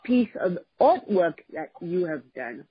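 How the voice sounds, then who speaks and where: A host with a mid-pitched, husky voice asks questions at an unhurried pace. The delivery is deliberate and sometimes repeats a question. The audio is dry and dull, like a lo-fi call. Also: very animated, dry recording. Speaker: podcast host. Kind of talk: interview questions.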